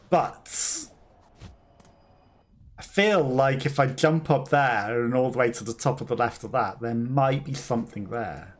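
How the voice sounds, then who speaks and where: A man streaming a video game, giving rambling, self-mocking commentary and laughing often. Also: medium pitch. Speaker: let's play streamer. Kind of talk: casual gameplay commentary.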